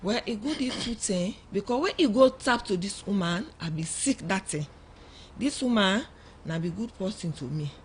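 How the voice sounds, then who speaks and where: A woman's voice: medium pitch, moderate pace, husky. A woman with a Sierra Leonean Krio accent, a mother telling her story as a guest on a radio program and acting out what others said. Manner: animated storytelling, acts out quoted dialogue. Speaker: mother of a young girl, guest. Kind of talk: emotional first-person account on radio. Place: radio studio.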